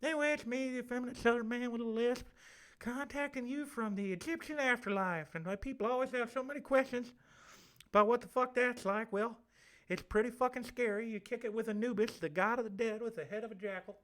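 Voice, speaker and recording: A man's voice: fairly quick, a bit bright. A man voicing the ghost of an effeminate southern man with a lisp. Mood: campy. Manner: high, campy, lisping put-on voice. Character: flamboyant lisping southern man's ghost.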